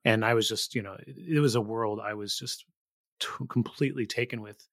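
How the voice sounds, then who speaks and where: A man's voice: on the low side, steady tone, fairly quick, a bit bright, no room sound, studio quality. A man from the Bay Area hosting a podcast, talking about music in an eager, earnest fan's way. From Bay Area, USA. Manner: eager, earnest fan talk. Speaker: podcast host. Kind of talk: casual interview chat.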